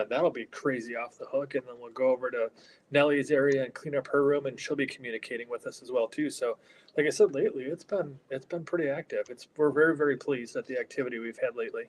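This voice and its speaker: Man, mid pitch, casual and hushed, headset mic, faint background hiss. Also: poor audio. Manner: talks quietly, keeping his voice down. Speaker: caretaker of a haunted hospital. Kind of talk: casual interview. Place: inside an old hospital building. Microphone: earpiece headset.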